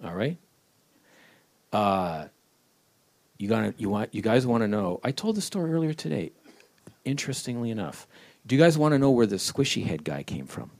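Man, comedy writer on a live panel, rambling wry storyteller, very animated pitch. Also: moderate pace, long pauses. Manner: wry, rambling storyteller who slips into voices. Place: live event with an audience.

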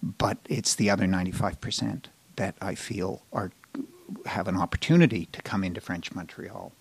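A man speaking as a TV showrunner at a live panel, frank and animated, acting out people's reactions. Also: low voice, moderate pace, vocal fry, breathy edge, no echo. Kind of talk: candid panel talk. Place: live event with an audience.

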